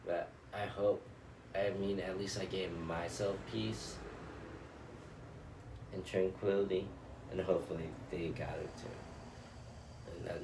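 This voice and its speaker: A man's voice: sits low, mellow, slight background noise. A man telling a story and reflecting on it in a loose, rambling and earnest way, as a self-help speaker would. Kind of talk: casual spoken reflection. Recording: echoey, from a distance, faint ambience.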